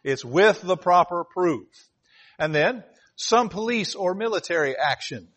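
A man preaches, his voice sitting a little high for a man. He hammers on key phrases, repeating them for emphasis. He moves between reading scripture aloud and explaining it to his listeners. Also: expressive, measured pace, a bit bright. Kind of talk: sermon.

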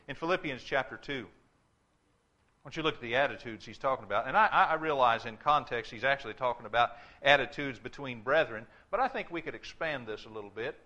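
A man's voice: mid-range voice, bright, forceful tone. A man preaching a sermon in a church, emphatic, often repeating words and restarting as he stresses a point. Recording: dull lo-fi sermon recording.

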